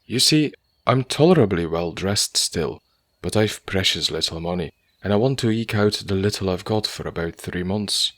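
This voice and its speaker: A man's voice: deep voice, animated, normal speed, fairly bright tone, no room sound. Good-humoured broke young writer, read by a man, earnest, lightly raised, dry recording. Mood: cheery. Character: cheerful poor young male writer. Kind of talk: audiobook character voice.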